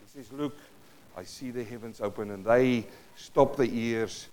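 A male pastor with a South African accent delivers a sermon. His delivery moves between near-whispered asides and loud, emphatic lines. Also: mid-range voice, measured pace. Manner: dynamic preaching, swinging between hushed and loud.

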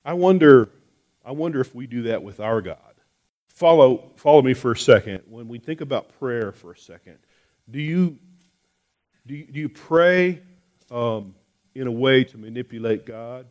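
A man preaching a sermon, asking rhetorical questions and restarting phrases, swinging between loud pleas and soft asides. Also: medium pitch, lively intonation, moderate pace, pauses often. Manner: repeats words and restarts phrases. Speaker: pastor.

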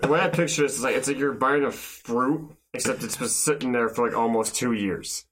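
A young man in a casual comedy chat, tossing in quick, wry asides. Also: medium pitch, fairly bright tone. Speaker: podcast co-host. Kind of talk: casual group banter.

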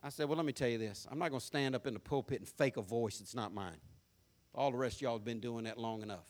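This male pastor speaks fast at a medium pitch, delivering a folksy, mocking sermon in a Southern country accent. He swings between hushed asides and loud hooping.

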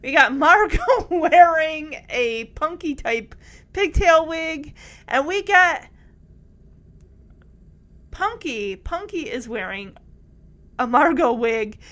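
A woman's voice: high voice, fairly bright tone. A young woman casually recapping a TV episode, chatty and giggly, with lots of "like" fillers. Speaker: show recap host.

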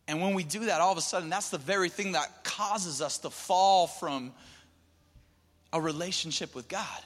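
A man's voice: high voice, moderate pace, a bit bright, in a large hall. A man preaching a sermon as pastor, talking in an earnest, conversational way. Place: church sanctuary.

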